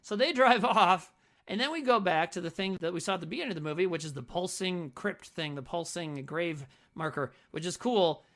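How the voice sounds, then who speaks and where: A man's voice: sits high, expressive, fairly quick, a bit bright. A man co-hosting a casual movie-review podcast, swearing freely and laughing often. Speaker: podcast co-host.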